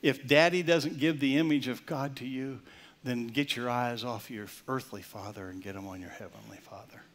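Older man, pastor, sermon, emphatic then hushed, middle-pitched voice. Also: normal speed, slight background noise. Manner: swings from loud emphatic preaching to soft near-whispered storytelling.

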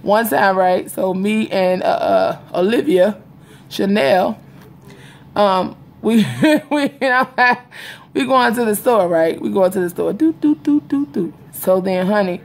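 A woman chatting casually to camera in an animated storytelling style, laughing often. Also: medium pitch, takes it slowly. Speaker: vlogger. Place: home, indoors. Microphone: phone or webcam camera.

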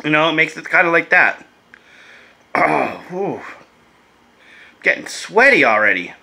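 A man's voice: fairly high pitch, big pitch swings, measured pace, vocal fry, pushed and bright, breathy edge. A laid-back man chatting casually and swearing as he reviews vape gear in a vlog, coughing now and then.

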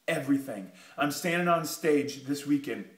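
A man giving a motivational pitch, emphatic and repetitive, pushing his points with rising urgency. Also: expressive, normal speed, reverberant. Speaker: motivational speaker.

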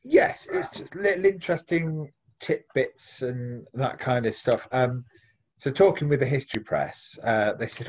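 Male author-storyteller, husky voice, lively telling, dull audio. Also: medium pitch, measured pace. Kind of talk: folk tale storytelling and interview answers.

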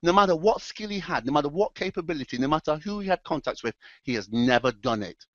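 Man, motivational trading talk, emphatic, fairly high voice, dry dull recording. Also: animated, quick pace, a bit bright, no room sound. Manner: emphatic, repetitive, direct address to audience. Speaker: trading educator and presenter.

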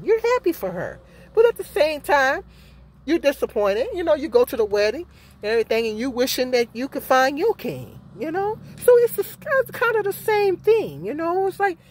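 A middle-aged woman vlogging her opinions, emphatic and full of rhetorical questions, often asking "okay?". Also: sits high. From Michigan, United States. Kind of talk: casual opinion vlog.

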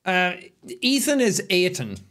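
An Irish man co-hosts a podcast, his high voice swinging hugely in pitch as he speaks unhurriedly with a sharp tone. He is young and chats casually, joking, laughing a lot and swearing freely.

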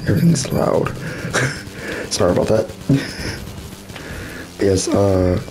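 A gaming channel host gives casual commentary on a race game in a hoarse, low, rough, smoker-like voice that's going out. He's animated but slow, chatty, laughs often and exclaims at the race. Music plays underneath, and the recording is low quality.

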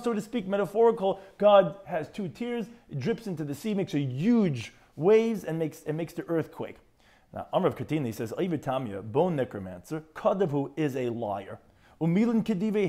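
A man, a rabbi, teaching a Talmud lesson, reading Aramaic phrases and translating each into English, with sudden animated jumps in his voice and frequent restarts. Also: sits high. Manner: frequent restarts and repeated words. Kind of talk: Talmud lecture.

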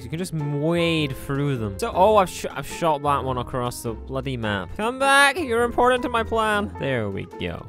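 A young man giving excitable, exclamation-filled commentary while playing a game, swearing and talking to the objects on screen. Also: high-pitched. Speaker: gaming YouTuber. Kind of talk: let's play commentary.

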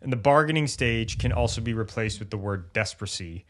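A man co-hosting a podcast on sports injury recovery, who talks casually and acts out the thoughts of injured athletes in lively bursts. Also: fairly low pitch, brisk. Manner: animated, acts out athletes' inner voices.

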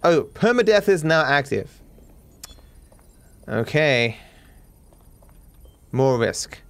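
An Australian man livestreaming a game, joking in a deadpan way. His gravelly, fairly high voice moves a lot in pitch. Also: extremely slow, no room sound. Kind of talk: casual game commentary.

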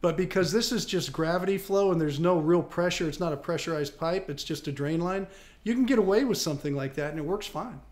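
Male radio host, home repair advice, plain-spoken and methodical, slightly high pitch. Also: fairly quick, darkish tone. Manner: plain-spoken, explains step by step. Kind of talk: casual radio call-in advice.

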